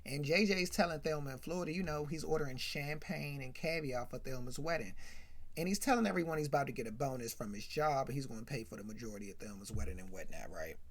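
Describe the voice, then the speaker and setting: A man hosting a casual rant in which he recaps a sitcom episode, talking in an animated, chatty way full of "you know" and "right?". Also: medium pitch, fast talker. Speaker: commentary host.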